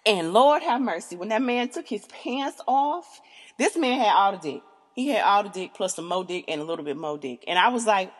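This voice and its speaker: A woman hosting a podcast, telling a candid story in an animated, emphatic way, swearing freely and calling out to her listeners. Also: fairly high pitch, normal speed, breathy edge, long reverb tail. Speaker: podcast host.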